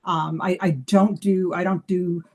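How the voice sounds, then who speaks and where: A woman's voice: on the low side, fairly even intonation, measured pace, a little mellow. Woman host, psychic medium type, talkative storyteller who loves acting out dialogue. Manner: chatty with many fillers and restarts. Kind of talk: casual live video chat.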